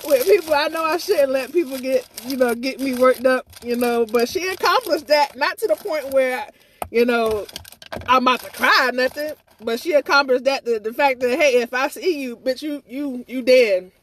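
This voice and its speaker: A woman's voice: high-pitched, normal speed, fairly bright tone, slight background noise. A woman in a casual live-stream rant, agitated and rambling, repeating herself and swearing, with speech. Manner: swears freely, stammers on restarts. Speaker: livestreamer.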